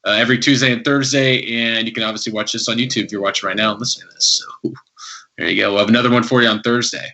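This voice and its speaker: A man co-hosting a casual film podcast, talking in a relaxed, conversational way. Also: medium pitch, racing. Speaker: podcast co-host. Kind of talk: casual film review chat.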